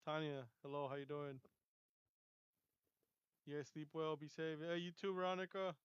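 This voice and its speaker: A man's voice: a little high, steady tone, normal speed, smooth, no room sound, muffled recording. Laid-back bilingual man reading comments. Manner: short reactions, laid-back slang. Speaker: podcast co-host. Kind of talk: casual chat, reading live comments.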